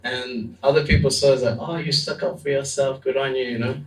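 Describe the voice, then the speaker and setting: A young adult man, a monk, telling a story in a lively, laughing way with lots of fillers. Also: mid-range voice, fairly quick, distant mic. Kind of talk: storytelling talk. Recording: echoey room, voice from off-mic.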